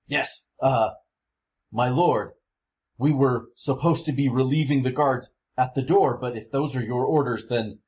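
A man voicing a deferential, raspy male guard in a tabletop game. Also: medium pitch, measured pace, darkish tone, voice pushed up, lightly acted. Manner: obedient, hesitant.

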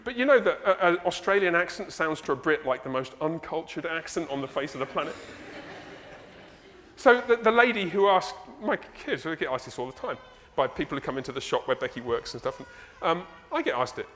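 A man with an English accent preaching a sermon as pastor, animated and conversational, full of rhetorical questions. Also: on the high side, fairly quick, big-room sound, slight background noise. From England. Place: church sanctuary.

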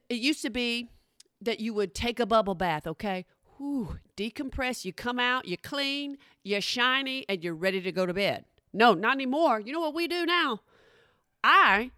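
A woman's voice: a little high, fairly bright tone, no echo, studio quality. A woman doing a stand-up comedy routine, chatty and calling her audience y'all. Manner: chatty, addresses the crowd as y'all. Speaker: stand-up comic.

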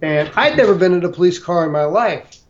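An older man from Missouri telling a story in an interview, halting with many fillers and restarts. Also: high-pitched, lively intonation, muffled recording, background noise. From St. Louis, Missouri. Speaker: interview guest.

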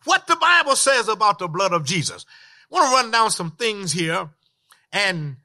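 A middle-aged man preaching a sermon with impassioned, repetitive cadence, swinging from loud declarations to hushed lines. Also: sits high, very animated, moderate pace.

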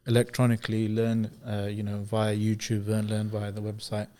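A man's voice: lowish voice, moderate pace. A man hosting a podcast, chatting casually and easily, with loose fillers and trailing sentences. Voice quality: relaxed, chummy, trailing off with fillers. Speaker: podcast host. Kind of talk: casual chat.

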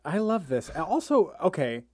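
A man co-hosting a casual comedy podcast, his voice sitting a little high and swinging widely as he throws out sarcastic jokes. His delivery stays dry and wry, and the recording is close with no room sound. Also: big pitch swings, measured pace, darkish tone, no room sound. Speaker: podcast co-host reacting.

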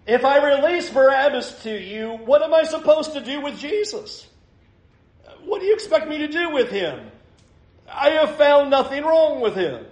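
A man's voice: extremely high pitch, animated, moderate pace, voice pushed up. A man voicing an exasperated, pleading male Roman governor who keeps asking incredulous questions. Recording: roomy echo.

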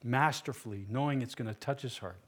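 A man preaching a sermon as pastor, earnest and emphatic, asking rhetorical questions and dropping low and soft for solemn passages. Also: brisk, husky.

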